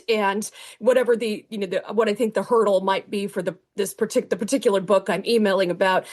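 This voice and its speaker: A woman writer talks through her process in an easy, conversational way. She often stops and restarts her sentences and fills pauses as she goes. Her voice sits at a middle pitch. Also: darkish tone. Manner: chatty, with frequent fillers and restarts. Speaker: author. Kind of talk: reading acknowledgments, then casual interview talk.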